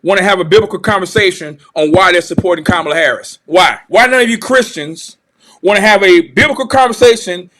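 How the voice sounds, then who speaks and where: A man's voice: sits high, a little fast, background noise. A man hosting a livestream, delivering heated, confrontational commentary in a preachy way and repeating phrases for emphasis. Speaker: channel host, commentator.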